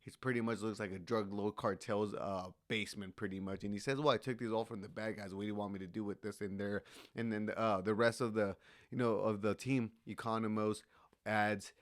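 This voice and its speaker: A man's voice: lowish voice, fairly even intonation, a little fast, no room sound, studio quality. A man giving a casual, rambling recap of a TV episode, with many fillers and restarts. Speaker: show recap host.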